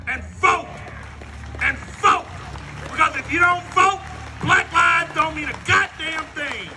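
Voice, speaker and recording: A man's voice: very high-pitched, very noisy. A middle-aged man giving a fiery, profane protest speech at an outdoor rally, repeating his rallying lines. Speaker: rally speaker.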